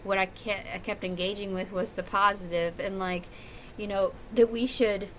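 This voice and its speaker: A woman's voice: mid-range voice, steady tone, moderate pace, slight background noise. A woman talking to camera at home in a rambling, profane, confessional monologue. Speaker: vlogger. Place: at home, indoors.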